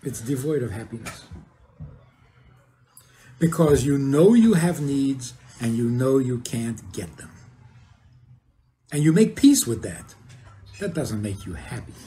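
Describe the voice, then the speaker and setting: An older man gives a rabbi's informal talk, his voice rising and falling with lively swings. He sits at a middling pitch and keeps turning to the audience with questions, chuckling at his own points. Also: slow pace, long pauses. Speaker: rabbi teaching.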